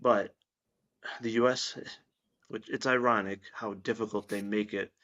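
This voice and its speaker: Low-voiced blunt man, lo-fi sound. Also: fairly even intonation, measured pace, fairly bright tone. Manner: blunt, opinionated, profane. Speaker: guest. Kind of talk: casual podcast chat. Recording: dull lo-fi sound.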